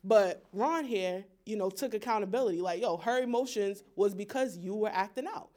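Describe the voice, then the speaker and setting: A man's voice: high-pitched, moderate pace, darkish tone. A young man speaking in a casual group discussion, emphatic and slangy, sharing his view animatedly.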